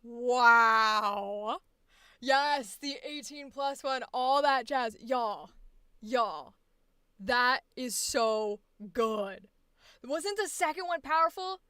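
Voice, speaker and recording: A woman teaching voice acting, gushing over her students in chatty, effusive livestream commentary. Her voice is high, bright and smooth, and sits dry and close to the mic. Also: very slow, no echo. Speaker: voice acting workshop instructor. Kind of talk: enthusiastic showcase commentary on a livestream.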